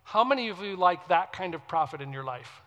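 A man with a high-pitched voice delivers a sermon to a congregation in an easy, conversational way. He slows down to make a point, then leaps up in pitch and volume to stress it. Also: lively intonation, pushed and bright, long reverb tail. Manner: conversational, emphatic, rises sharply on stressed words. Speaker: pastor. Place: church before a congregation.

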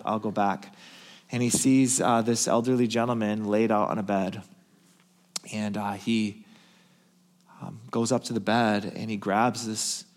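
A male pastor preaching, telling a story in a hushed, tender voice and then building to emphatic calls. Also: fairly low pitch. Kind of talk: sermon storytelling.

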